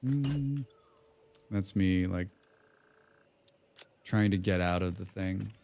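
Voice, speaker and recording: A man's voice: deep voice, takes it slowly, a little mellow, slight background noise. A man streaming a building game, chatting casually with viewers, rambling, humming and muttering to himself, with the odd casual swear. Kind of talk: casual live-stream chat while playing.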